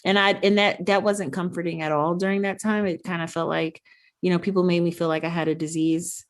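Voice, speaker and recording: Woman guest, lowish voice, earnest and reflective, soft-spoken. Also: flat delivery, a little fast. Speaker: guest, NICU parent. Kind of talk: podcast conversation.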